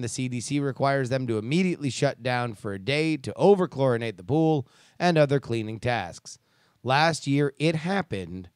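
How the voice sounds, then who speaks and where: A man's voice: medium pitch, clear, resonant tone, dry recording, studio quality. A man hosting a casual commentary show who rants in a sarcastic, profane way and reads listener emails. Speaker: podcast host reading listener emails.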